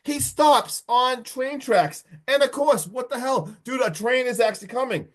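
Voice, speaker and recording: A man co-hosting a podcast, recapping a movie in an excitable, slangy way full of "dude" and "like". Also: extremely high pitch, normal speed. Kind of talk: casual podcast chat.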